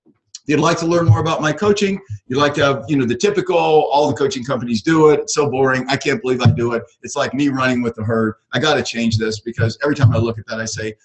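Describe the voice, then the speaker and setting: A man's voice: mid-range voice, fast talker, low-quality recording. Middle-aged male coach, upbeat rambling webinar host, filler-heavy delivery. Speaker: real estate coach hosting a webinar. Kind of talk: casual webinar talk. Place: ranch.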